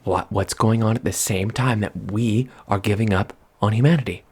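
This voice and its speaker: A man rambling in soft-spoken ASMR chat at a close microphone, drifting from hushed murmurs to excited outbursts. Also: fairly low pitch, moderate pace, husky. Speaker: vlogger.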